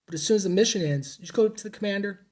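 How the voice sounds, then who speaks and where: A man's voice: sits high, very fast, a little mellow. A middle-aged American man, a military veteran, telling war stories in a rambling, blunt, profane and self-mocking way. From United States. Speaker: podcast guest, military veteran. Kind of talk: casual interview storytelling.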